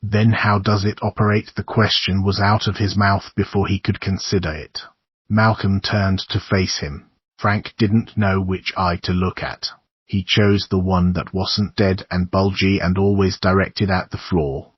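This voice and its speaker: A man narrating a horror audiobook in measured storytelling. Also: sits low, flat delivery, breathy edge, dry recording. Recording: dull lo-fi dry recording.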